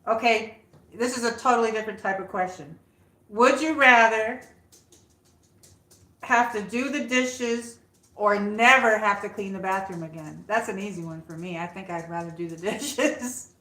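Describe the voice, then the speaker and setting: A woman's voice: medium pitch, moderate pace, fairly bright tone, roomy sound, low-quality recording. A woman hosting a casual livestream from her home, chatting with viewers and coaxing her dog. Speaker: livestream host. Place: room at home.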